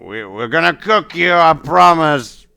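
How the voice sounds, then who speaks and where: A man voicing a rowdy grown man who shouts and coaxes fish to come up, in a loud, raised voice. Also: lively intonation, unhurried, creaky, clean tone, no echo, heavily acted. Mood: shouting coaxing. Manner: loud, high, coaxing shouts.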